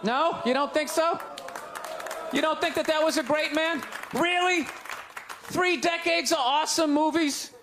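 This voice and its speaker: A man doing a stand-up comedy set on stage, ranting loudly and jabbing sarcastically at the audience. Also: very high-pitched, unhurried, crowd noise, background noise.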